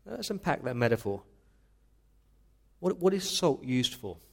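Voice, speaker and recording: A man's voice: medium pitch, very animated, moderate pace, vocal fry, breathy edge. A male pastor preaching a sermon in an earnest, emphatic way, often restarting words.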